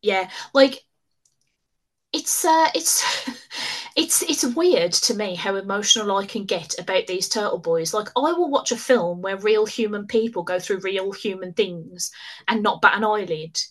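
Woman gushing about a film, laughs a lot, medium pitch. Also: a little slow. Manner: laughs often, excitable and gushing. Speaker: podcast guest. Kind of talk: casual chat.

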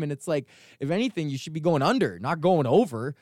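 A man's voice: fairly high pitch, very animated, fast, hardly any pauses, dry recording, studio quality. A man hosting his own podcast, telling rambling, profane stories in a casual rant, from Canada. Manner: profane, rambling storytelling with laughs. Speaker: podcast host.

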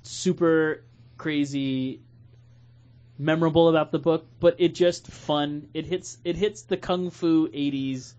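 A man's voice: fairly high pitch, fairly even intonation, takes it slowly, a little mellow, lo-fi sound. A man hosting a podcast, bantering loosely and laughing with friends. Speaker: podcast host. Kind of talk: casual podcast chat.

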